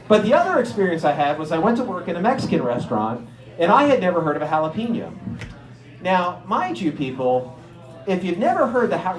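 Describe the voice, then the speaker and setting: A middle-aged man from Erie, Pennsylvania, telling stand-up stories and acting out the people in them with sudden jumps in pitch. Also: brisk, roomy sound, low-quality recording. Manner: animated, acts out characters with jumps in pitch. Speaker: stand-up comedian. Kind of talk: stand-up storytelling.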